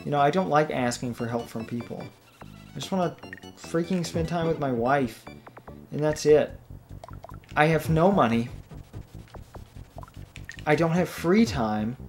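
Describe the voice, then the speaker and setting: A man's voice: fairly high pitch, expressive, unhurried, long pauses, soft background music. Rambling man venting while he plays. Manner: rambling, rattled and self-deprecating. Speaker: let's play gamer. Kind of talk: venting commentary while gaming.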